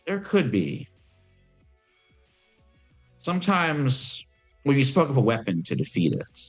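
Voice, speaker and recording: A man voicing Lilith, an ancient female demon who is calm and worldly, speaking in a measured, musing way. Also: mid-range voice, slightly rough, soft background music, pitched above the performer's own voice, full character voice.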